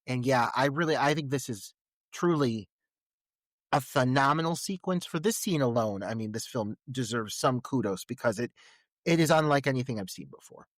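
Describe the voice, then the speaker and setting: A man's voice: medium pitch, lively intonation, moderate pace, dry recording. A man co-hosting a podcast, talking through a film scene in a casual, enthusiastic, analytical way on a close podcast mic. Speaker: podcast co-host.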